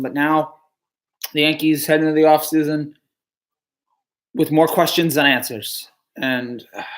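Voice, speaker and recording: A man's voice: fairly high pitch, fairly bright tone. A man on a live reaction stream, dejected and stammering, repeating himself.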